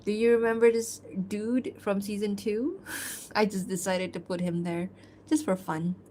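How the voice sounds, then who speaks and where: A woman artist streams herself working and chats casually, loose and rambling with small laughs, also reading fan-fiction narration aloud. Her medium-pitched, mellow voice has a level tone and a slightly slow pace, with a little hiss or hum in the audio.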